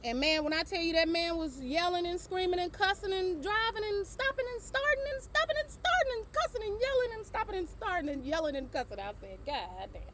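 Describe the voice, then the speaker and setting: High-voiced woman telling laughing stories. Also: expressive, brisk, hardly any pauses, background noise. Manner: laughs often, swears casually, Southern US speech. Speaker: host. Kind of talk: casual storytelling monologue.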